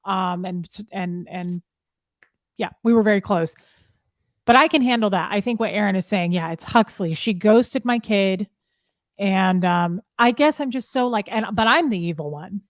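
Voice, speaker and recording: A middle-aged woman telling a painful personal story, upset and halting, often restarting her sentences. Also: medium pitch, no echo, clean studio sound. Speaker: guest sharing her story. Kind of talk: emotional personal account.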